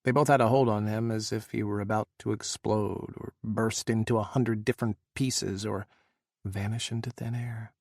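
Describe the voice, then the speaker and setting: A man narrating an audiobook, with slow, dramatic emphasis on emotional passages. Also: on the low side, steady tone, gravelly, a little mellow, no room sound, studio quality.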